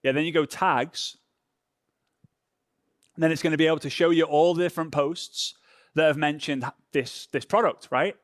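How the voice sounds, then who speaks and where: A man's voice: a little high, moderate pace, long pauses, no room sound, studio quality. A European man running a live online social media training session, talking casually and often checking in with "right?". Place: home.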